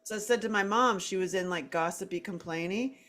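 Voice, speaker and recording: Woman interview guest, mid-pitched, casual storytelling that quotes her own lines. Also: fairly quick, fairly bright tone.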